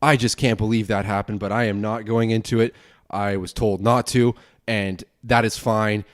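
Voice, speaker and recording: A man's voice: on the low side, steady tone, normal speed. A young man hosting his own podcast alone, ranting angrily with plenty of swearing and rambling asides. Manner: angry, profane, rambling rant. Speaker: podcast host.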